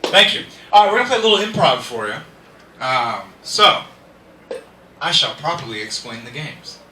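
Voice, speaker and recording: A man hosting and performing live improv comedy, ranting with big shouted punchlines. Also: mid-range voice, animated, moderate pace. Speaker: improv host. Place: comedy venue with audience. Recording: echoey room from far off, faint noise.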